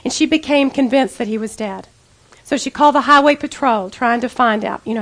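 Lady preacher, high voice, earnest and pleading, talking right to the women. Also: fairly quick, a bit bright. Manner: earnest storytelling, intimate and pleading. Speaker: women's speaker. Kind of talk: personal testimony sermon.

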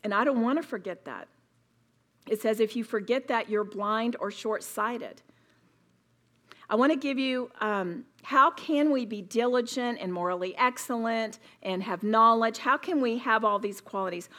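A woman with a slightly high voice preaches at a retreat. She speaks emphatically and stresses her points by repeating words. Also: normal speed, fairly bright tone. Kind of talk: sermon.

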